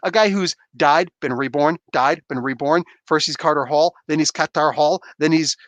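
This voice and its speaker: A man's voice: on the high side, moderate pace, fairly bright tone, no echo. A man hosting a livestream, emphatic and rambling as he talks casually with fans. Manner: emphatic, rambling, fan banter. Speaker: comic book reviewer, livestream host.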